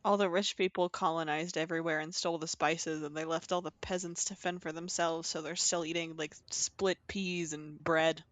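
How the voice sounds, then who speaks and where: A woman's voice: low voice, fairly even intonation, moderate pace, few pauses, a bit bright, no room sound. A young woman co-hosting a podcast, chatting casually in a playful, teasing, sarcastic way. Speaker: podcast co-host. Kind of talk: casual chat.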